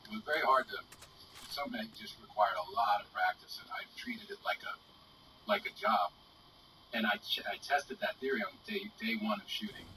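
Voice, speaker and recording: A male guest tells stories in a relaxed interview, his pitch swinging widely as he gets into them. He sits back from the mic, and clear room ambience hangs around his voice. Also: brisk, distant mic, noisy background. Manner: lively anecdotes with sudden jumps in pitch. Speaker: guest actor. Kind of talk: casual interview storytelling.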